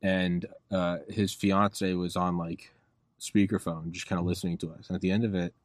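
A man in his thirties, a podcast host, telling stories in a casual, rambling, profane way that turns loud and excited. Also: deep voice, moderate pace, no room sound, clean studio sound. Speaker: podcast host being interviewed. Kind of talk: casual interview storytelling.

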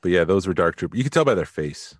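A man's voice: sits low, animated, quick pace, no echo, clean studio sound. A man co-hosting a podcast, chatting casually and rambling, often trailing off mid-thought. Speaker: podcast co-host.

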